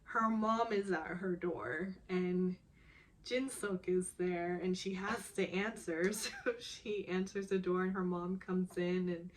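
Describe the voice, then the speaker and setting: A woman's voice: fairly low pitch, fairly even intonation, slow pace. A young woman casually recapping a drama episode, often giggling and acting out the characters' quotes. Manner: emotional, giggly, acts out quotes.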